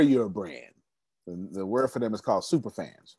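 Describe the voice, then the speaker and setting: A man's voice: fairly low pitch, moderate pace, darkish tone, breathy edge, no echo. A man in his forties hosting an online business coaching meeting, emphatic and repetitive, laughing often and hyping up the group. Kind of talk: lively group video-call coaching.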